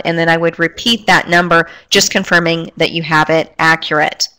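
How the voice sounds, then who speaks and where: A woman in middle age giving an instructional talk as a phone skills trainer, clear and upbeat as she explains. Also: low voice, fairly even intonation, normal speed, hardly any pauses, bright, forceful tone, poor audio.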